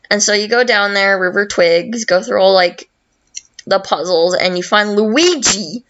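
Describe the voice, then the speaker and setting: Young woman podcaster rambling slowly, swears a lot, lots of likes and ums, dull muffled audio. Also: medium pitch, fairly bright tone. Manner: slow and rambling, heavy swearing, many fillers. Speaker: podcast host. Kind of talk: casual plot retelling.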